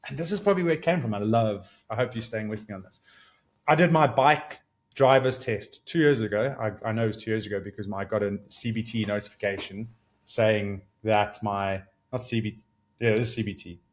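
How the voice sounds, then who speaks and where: Thinking aloud on his own podcast, this thirtysomething host speaks briskly in a fairly low voice. He's earnest and animated, his pitch climbing when excited and easing down in reflective moments. He keeps restarting sentences while working out his point.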